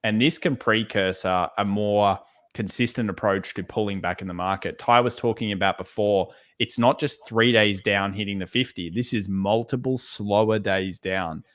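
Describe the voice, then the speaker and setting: Guy with a lowish voice going over stock charts on a live stream, chill, says stuff twice. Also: normal speed, few pauses. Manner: relaxed, repeats words for emphasis. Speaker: co-host of trading show. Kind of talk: live market analysis chat.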